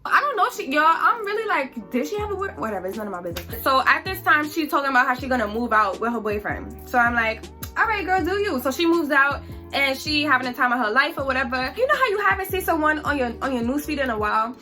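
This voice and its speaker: A young woman telling a story on her vlog in a chatty, animated, slangy way. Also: high voice, fast talker, soft background music.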